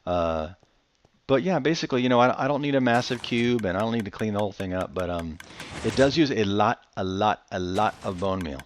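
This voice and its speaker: Laid-back, rambling low-voiced man. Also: animated, fairly quick, a little hiss or hum. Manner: chatty and enthusiastic. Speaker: Minecraft let's-play host. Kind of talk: casual gameplay commentary.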